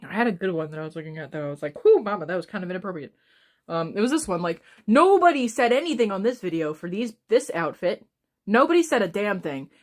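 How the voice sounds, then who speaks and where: Twenties woman streamer, fast, rambling, profane, fairly low-pitched. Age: 20s. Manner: rambling, swears a lot, talks fast. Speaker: livestreamer. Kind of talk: casual live stream chat.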